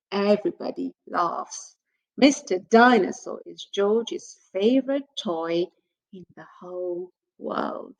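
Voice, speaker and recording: A woman teacher reading a picture book aloud to young children in an expressive storybook voice. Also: mid-range voice, poor audio. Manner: slow, expressive, sing-song.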